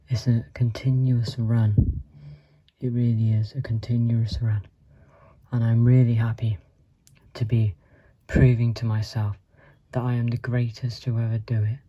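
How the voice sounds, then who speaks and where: Male host, mellow voice, deadpan mock-bragging storyteller, lo-fi sound. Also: fairly low pitch, moderate pace, dry recording. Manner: mock-boastful, deadpan absurd. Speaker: channel host. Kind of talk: comedic storytelling. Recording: dull lo-fi with faint music.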